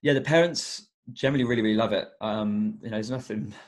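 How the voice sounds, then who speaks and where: Earnest young man with a low voice. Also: fast talker. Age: young adult. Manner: earnest and reflective, with many fillers. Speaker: guest, education coach. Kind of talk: casual podcast interview.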